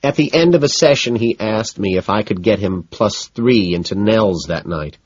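A man's voice: fairly low pitch, animated, moderate pace, a little mellow, slightly rough. A man reading aloud and voicing a petulant, dismissive young socialite woman in a storybook, heard on a slightly dull recording. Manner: dismissive and indignant.

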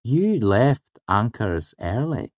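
Brief: man doing a dry, straight-faced student in an audiobook, raised and steady. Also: medium pitch, moderate pace, dry recording, pitched above the performer's own voice, lightly acted. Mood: deadpan. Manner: flat, deadpan. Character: calm, dry-humoured young male student.

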